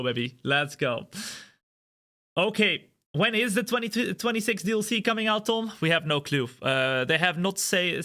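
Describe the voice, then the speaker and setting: A man with a bright, forceful, fairly high voice gives energetic gameplay commentary. He talks in an animated way and doubles up words for emphasis. He records in his home studio beside a racing simulator. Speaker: gaming channel host.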